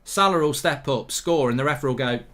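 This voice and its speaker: A man's voice: mid-range voice, fast talker, a bit bright. A man hosting a live football watchalong, chatting casually, reading viewer comments aloud and often repeating himself.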